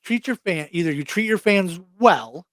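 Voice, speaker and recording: A young adult man co-hosts a podcast in casual, swearing-heavy chat. His voice sits fairly high, and the recording is dry and close. He rants bluntly and keeps going. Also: animated, moderate pace, no room sound. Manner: blunt, profane, ranting. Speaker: podcast co-host.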